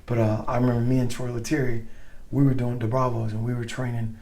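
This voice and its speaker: A middle-aged man, a former soldier, telling stories in a casual interview, animated and acting out what others said. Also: medium pitch, fast. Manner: animated, acts out quoted voices, swears casually. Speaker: guest, former Green Beret.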